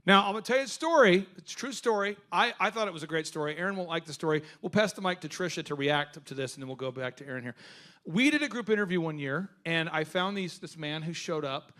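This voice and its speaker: A man's voice: fairly high pitch, fast. A man hosting a business workshop, telling stories with energy and acting out voices. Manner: animated storyteller, acts out voices. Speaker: business coach host.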